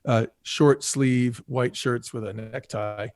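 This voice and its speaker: A man's voice: mid-range voice, fairly even intonation, slow, darkish tone, no room sound, studio quality. A man from the United States, a podcast guest and former restaurant executive, talking casually with many "you know" fillers and acting out quotes. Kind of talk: casual conversational interview.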